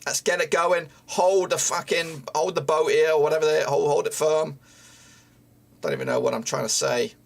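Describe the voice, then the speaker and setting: A man reacting live to his team's match as a fan streamer, excitable, swearing often and yelling at the players. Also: a little high, normal speed, vocal fry.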